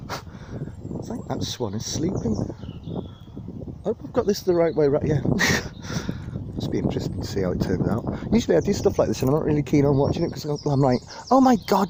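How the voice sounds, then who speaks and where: Man, mid pitch, rambling phone-walk vlog outdoors, clear birds and ambient noise behind. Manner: rambling, chatty, self-deprecating. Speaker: vlogger giving a walking tour. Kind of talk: casual walking commentary. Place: outdoors in a city park.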